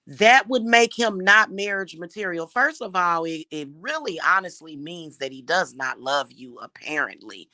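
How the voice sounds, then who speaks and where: A woman's voice: on the low side, lively intonation, normal speed, hardly any pauses, sharp tone, dry recording, clean studio sound. A woman giving blunt love advice in a casual monologue, emphatic and swearing freely.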